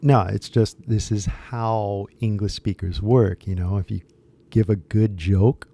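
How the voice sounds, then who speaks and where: An English teacher who also sells shirts chats loosely with his viewers about an idea he's pitching, filling his speech with fillers and quick restarts and sometimes switching into Japanese. His voice sits a little low, very dark and mellow, with a steady tone and some creak.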